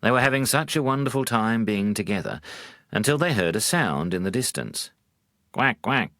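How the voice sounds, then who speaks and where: A Buddhist monk telling wry teaching stories in a deep, low voice. His pitch rises and falls animatedly for the punchlines. The recording is dry and close. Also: lively intonation, fairly bright tone, no room sound. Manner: dry humor, measured. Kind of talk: storytelling talk.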